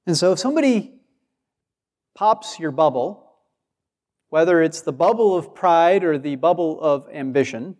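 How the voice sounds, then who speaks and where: A man's voice: on the high side, expressive, unhurried, long pauses, a little mellow. A man preaching a sermon with emphasis, acting out the replies he quotes. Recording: long hall reverb.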